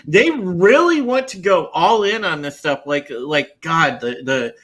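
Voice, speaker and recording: A man hosting a casual streamed chat show, rambling with halting restarts and frequent laughs. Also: on the high side, expressive, pushed and bright. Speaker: podcast host.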